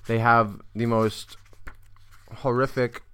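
A man's voice: mid-range voice, slow pace, smooth. A man co-hosting a podcast, casually retelling a play scene and acting out bits of dialogue. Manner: lively storyteller, acts out quotes. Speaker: podcast co-host. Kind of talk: casual chat.

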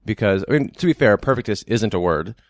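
Male co-host, low-pitched, chatty, laughs easily, dry studio sound. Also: expressive, brisk, no echo. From New Hampshire. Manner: giggly, chatty, goofy asides. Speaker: podcast co-host. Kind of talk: casual chat with scene reading.

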